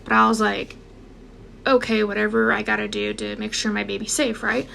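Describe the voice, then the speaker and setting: A young woman telling a personal story in a casual, animated way, speaking straight to her viewers and acting out what people said. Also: mid-range voice, normal speed, creaky, a little hiss or hum. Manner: animated, addresses viewers directly, acts out quotes.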